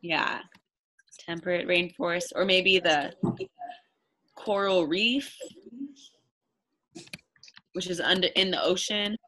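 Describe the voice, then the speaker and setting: A woman's voice: fairly low pitch, slow pace, pauses often, sharp tone, poor audio. A woman teaching an online English lesson to a child, explaining patiently and encouraging.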